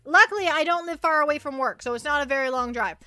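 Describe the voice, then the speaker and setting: A woman's voice: high-pitched, fast, sharp tone, dry recording, faint music behind. A young woman streaming casually, rambling and stammering with many repeated words. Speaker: virtual streamer. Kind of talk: casual livestream chat.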